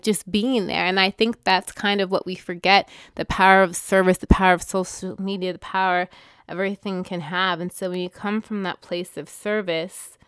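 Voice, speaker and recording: A woman speaks in a heartfelt, wandering way, circling back on her words as she shares. Her voice is smooth and clear. The sound is dry and close, with no room echo. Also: mid-range voice. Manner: heartfelt, rambling, with self-corrections and soft laughs. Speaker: vlogger. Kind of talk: emotional personal sharing.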